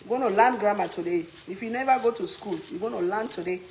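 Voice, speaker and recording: A woman's voice: medium pitch, fast, slight background noise, poor audio. Playful African woman cooking and chatting. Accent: African English. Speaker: cooking vlog host. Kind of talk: casual cooking chat while reading viewer comments.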